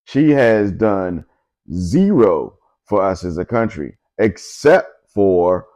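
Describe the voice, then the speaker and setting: A man's voice: low-pitched, expressive, slow pace, warm tone. A man hosting his own podcast, giving emphatic, conversational commentary and often asking "you know what I'm saying?". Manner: emphatic, repetitive, conversational with frequent filler asides. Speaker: podcast host. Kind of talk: opinionated solo podcast commentary.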